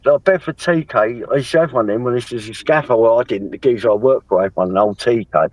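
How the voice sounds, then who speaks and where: A man's voice: medium pitch, fast, a little mellow, no echo, rough recording. A man hosting a livestream, talking casually in a blunt, rambling way with swearing. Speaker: livestream host. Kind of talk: casual chat.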